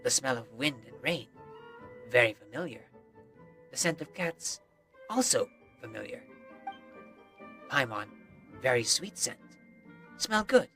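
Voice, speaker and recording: A low, gruff young wolf-boy, as a male streamer puts him on talks in halting, simple phrases about scents and friends. The voice sits well below a normal speaking pitch and stays slow and soft, with faint game music behind it. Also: animated. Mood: calm. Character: gruff young wolf-raised man, broken speech.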